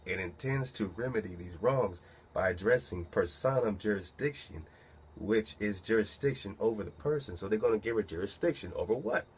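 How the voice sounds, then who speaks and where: A man's voice: on the low side, fairly bright tone, breathy edge. A man reading a document aloud and commenting on it in a casual way, asking himself rhetorical questions as he goes. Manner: muses aloud, asks rhetorical questions, reads slowly then comments.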